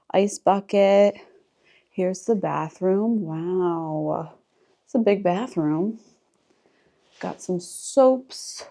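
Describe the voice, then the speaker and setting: Walking through a resort's indoor spaces on camera, a woman narrates her tour in a relaxed vlog style, reacting aloud to each room. She has a mid-range voice with a dark tone.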